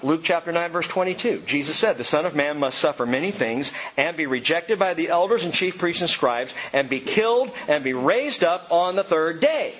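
A man preaching an Easter sermon to a church congregation, with animated delivery and acted-out voices of the people he describes. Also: high voice, lo-fi sound, a little hiss or hum. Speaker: pastor.

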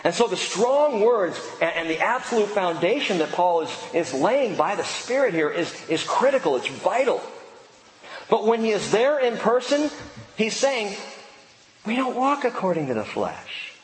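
A man preaching a sermon as pastor, emphatic and shifting to quiet intensity. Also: sits high, lively intonation, moderate pace, a little hiss or hum. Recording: echoey hall with long reverb.

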